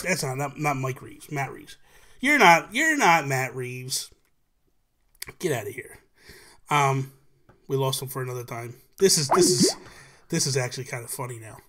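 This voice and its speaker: A man's voice: medium pitch, moderate pace. A man hosting a casual live talk show over a video call, telling stories animatedly and acting out what people said. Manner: animated storyteller who acts out quotes. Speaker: podcast host. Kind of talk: casual livestream chat.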